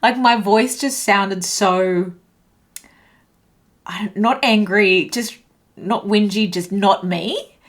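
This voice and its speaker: A woman's voice: medium pitch, takes it slowly, long pauses. A woman doing an intuitive tarot reading, slightly breathless with a shaky voice, musing and searching for words as she turns the cards. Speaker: tarot reader.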